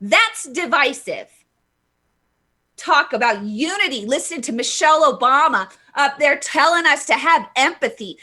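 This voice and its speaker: Fired-up high-voiced woman live vlogger. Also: bright, forceful tone. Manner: heated, stumbling restarts, emphatic. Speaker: vlog host reading live chat. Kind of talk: impassioned live political rant.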